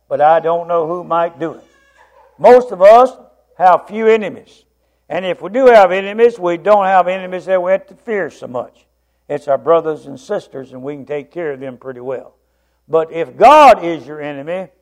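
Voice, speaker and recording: A man's voice: a little high, darkish tone, dull audio. A man preaching a sermon in a blunt, emphatic way, reading scripture aloud and stumbling over words now and then.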